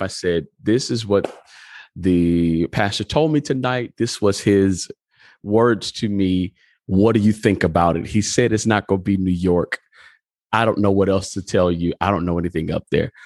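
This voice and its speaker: In clean studio audio with no room sound, a man whose voice sits low recounts his story as a pastor in a conversational interview. He is an animated storyteller, performing the dialogue along the way.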